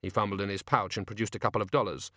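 A man reading a comic novel aloud as narrator, wry and measured. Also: on the low side, steady tone, pushed and bright, dry recording, clean studio sound. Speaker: audiobook narrator. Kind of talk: scripted narration.

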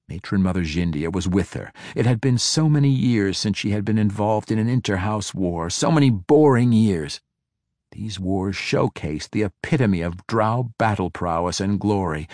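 A man reading a fantasy novel aloud in measured, dramatic narration. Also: medium pitch, darkish tone, no room sound, studio quality. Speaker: audiobook narrator.

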